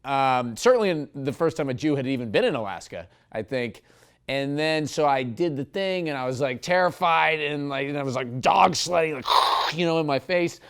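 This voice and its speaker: A man's voice: fairly high pitch, lively intonation, fairly bright tone, clear, resonant tone. A male comedian telling a story in an interview, chatty and self-mocking. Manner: quick, chatty, self-mocking, many likes.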